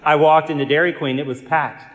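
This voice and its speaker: Earnest priest telling stories in an echoey hall. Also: male voice, on the high side, fairly even intonation, a bit bright. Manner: earnest, measured storyteller with dry humor. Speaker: Catholic priest and exorcist. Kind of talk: storytelling talk.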